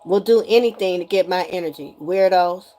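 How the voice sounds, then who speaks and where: A woman giving a casual spiritual energy reading to viewers, animated and emphatic, often repeating her lines and slipping into slang. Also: fairly low pitch, a little fast. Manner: animated, breaks into singing, emphatic and preachy.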